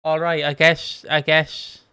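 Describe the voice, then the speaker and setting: A man's voice: a little high, monotone, slow pace, pushed and bright, clean tone, no echo. A man co-hosting a casual podcast chat, rambling with fillers and easy laughs. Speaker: podcast co-host.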